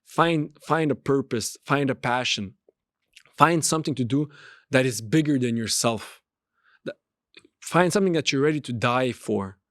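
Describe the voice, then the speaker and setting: A man's voice: medium pitch, expressive, normal speed, long pauses, a bit bright, no echo, clean studio sound. A man hosting a podcast, giving an emphatic motivational monologue and repeating his phrases for effect. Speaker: podcast host and street pastor.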